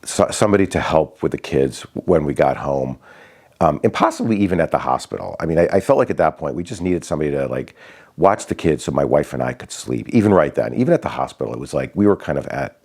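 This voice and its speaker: A man with a very low voice tells a story from his life as a father. His pitch swings widely as he acts out what others said, and he often stops and restarts mid-sentence. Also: animated, darkish tone, breathy edge. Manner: halting, many restarts and fillers, acts out quoted voices. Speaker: father sharing a personal story. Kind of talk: casual personal storytelling.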